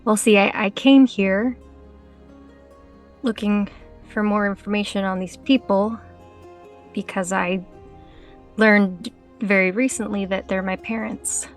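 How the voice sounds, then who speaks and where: A woman's voice: medium pitch, steady tone, slow, long pauses, soft background music. Tentative woman player. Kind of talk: in-character tabletop play.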